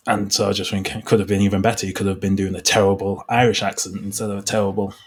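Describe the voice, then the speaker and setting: A man's voice: fairly low pitch, flat delivery, fast talker, breathy edge. A man from Britain co-hosting a podcast live, chatting casually with a wry, sarcastic humor and frequent laughs. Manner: wry, sarcastic, laughs through his lines. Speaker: podcast co-host. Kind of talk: casual chat. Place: live online podcast recording.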